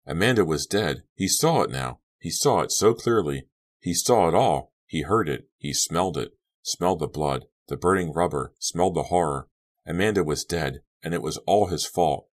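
A man narrating an audiobook in steady, clipped storytelling. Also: low voice, normal speed. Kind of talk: scripted narration.

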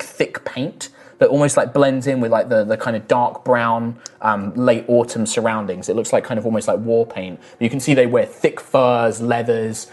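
A man's voice: mid-range voice, a little mellow. A man narrating as game master for a tabletop game, describing scenes in a loose, rambling way with many fillers and restarts.

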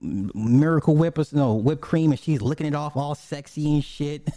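A man's voice: on the high side, moderate pace, dark tone, no echo, studio quality. A man casually retelling a TV episode, rambling and profane, with many restarts and asides.

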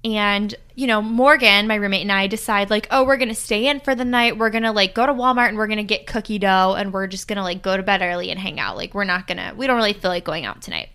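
Podcast host, young adult woman, bright voice, loose chatty storytelling. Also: mid-range voice, quick pace, hardly any pauses, clear, resonant tone. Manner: chatty, lots of "like" and "you know". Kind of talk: casual storytelling.

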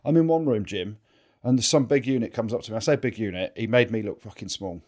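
A man's voice: fairly low pitch, fairly quick, darkish tone. An English man co-hosting a rugby podcast, telling stories in casual chat and swearing freely. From England. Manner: chatty storyteller, swears freely. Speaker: co-host, former rugby player.

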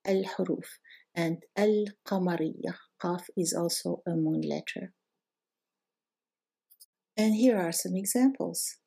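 A woman teaching a lesson at a slow, unhurried pace, her voice low, mellow and gravelly. She explains each point patiently and stretches out the example words. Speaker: Arabic teacher. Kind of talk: recorded language lesson.

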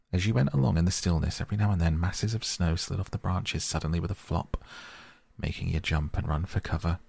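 A man voicing a cheerful, bold male otter who tells a lively story. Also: low voice, vocal fry.

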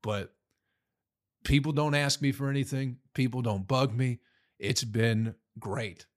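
A man's voice: medium pitch, steady tone, measured pace. Laid-back man swearing through a rambling monologue. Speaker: touring comedian recapping shows. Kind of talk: casual monologue. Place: room at home with a heater.

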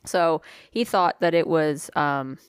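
A woman's voice: low voice, takes it slowly, smooth, no room sound, clean studio sound. A woman co-hosting a casual podcast, telling stories with frequent swearing and tired, laughing asides. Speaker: podcast co-host. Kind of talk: casual chat, storytelling.

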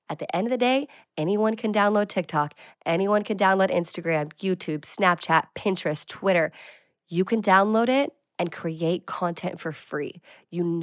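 A woman's voice: lowish voice, a bit bright, clear, resonant tone, no echo, studio quality. Chatty upbeat young woman giving tips. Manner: chatty, upbeat, lots of "like" fillers. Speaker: fitness creator and show host. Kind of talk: casual business tips monologue.

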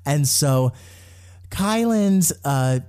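A man in casual podcast chat, telling a story in an animated, gossipy way. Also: fairly high pitch, very slow. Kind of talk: casual chat recapping a reality show.

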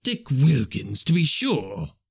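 An old miser speaks low and subdued in an audiobook, as a man reads him. His voice is quiet and close. The recording is dry, with no room around it. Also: wildly swooping pitch, slow, gravelly, husky, dry recording, exaggerated voice. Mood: excited. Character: old miser, shaken and nostalgic.

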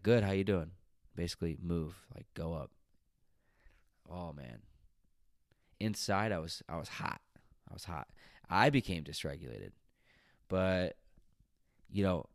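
Deep-voiced man telling a casual story. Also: no room sound, clean studio sound. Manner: conversational, reflective, self-deprecating. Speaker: teacher.

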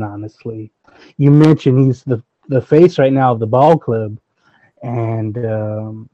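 A man's voice: medium pitch, warm tone, dry recording, muffled recording. A man co-hosting a casual baseball podcast who talks hesitantly, thinking aloud with many fillers. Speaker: sports podcast co-host.

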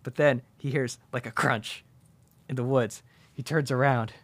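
A man in his thirties casually pitching a movie plot, acting out the characters' lines as he goes. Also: no room sound. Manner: animated storytelling, quick quoted voices. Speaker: podcast co-host pitching a movie idea. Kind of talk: casual chat, acting out scenes.

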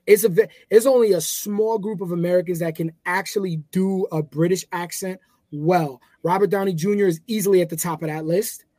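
A man's voice: sits high, a little fast, few pauses, no room sound. A man co-hosting a podcast, chatting casually and profanely about movies with a friend. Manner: loose, profane, animated banter with laughs. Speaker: podcast co-host. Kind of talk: casual chat.

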